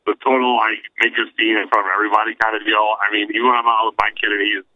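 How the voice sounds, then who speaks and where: A man's voice: lowish voice, flat delivery, rapid-fire, no echo, narrow, tinny audio. A man co-hosting a podcast in casual chat, telling anecdotes in an easygoing way with fillers. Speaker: podcast co-host.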